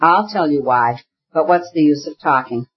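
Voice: mid-range voice, animated, moderate pace, slightly rough, highs cut off. A reader voicing a bitter, agitated radical brother. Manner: heated, argumentative, bursts into shouting.

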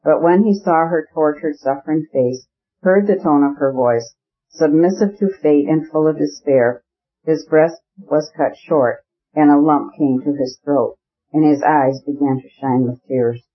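A man reading a classic novel aloud as an audiobook narrator, steady and measured, in a muffled lo-fi recording. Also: a little high.

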